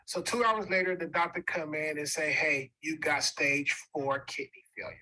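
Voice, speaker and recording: Bright-voiced man giving emotional testimony. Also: fairly high pitch, steady tone, moderate pace, low-quality recording. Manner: emotional, repeats for emphasis. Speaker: guest speaker. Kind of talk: personal testimony.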